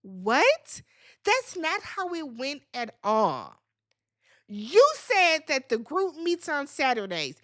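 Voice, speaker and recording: Lively, bright-voiced woman recapping reality TV. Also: high voice, takes it slowly. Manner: blunt, profane, exasperated commentary; talks straight to viewers. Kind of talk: reality show recap commentary.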